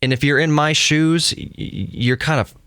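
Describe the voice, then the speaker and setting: A man's voice: a little high, fairly even intonation, moderate pace, a bit bright, clear, resonant tone, dry recording. A man hosting a solo podcast, rambling conversationally and often correcting himself mid-sentence. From United States. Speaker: podcast host.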